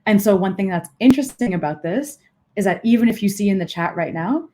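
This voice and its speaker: Mellow-voiced woman coaching interview skills. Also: medium pitch, a little fast, a little hiss or hum. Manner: energetic, varies emphasis, frequent "so" and "okay". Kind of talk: live online workshop teaching.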